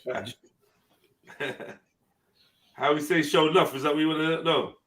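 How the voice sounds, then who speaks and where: A man's voice: on the high side, fairly even intonation, measured pace, fairly bright tone. A man hosting a live online panel, chatting casually in slang with frequent swearing and laughter over a video call. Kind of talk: casual chat.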